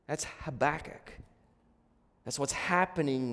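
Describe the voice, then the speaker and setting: A man's voice: high-pitched, animated, slow pace, big-room sound. A man preaching a sermon, impassioned and pleading, recorded in a church. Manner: impassioned, rising to pleading cries.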